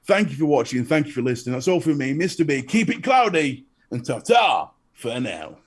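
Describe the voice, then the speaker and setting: A man's voice: mid-range voice, brisk, husky. A man with a northern English accent, co-hosting a casual online show and signing off with jokey, sweary banter. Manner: jokey, sweary, lively delivery. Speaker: co-host. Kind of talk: casual show sign-off chat.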